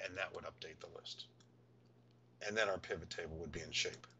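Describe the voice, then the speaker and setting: A man's voice: deep voice, steady tone, fairly quick, creaky, bright, forceful tone, slight background noise. A man teaching a screen-recorded spreadsheet tutorial, explaining step by step in a patient, thinking-aloud way. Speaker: software instructor.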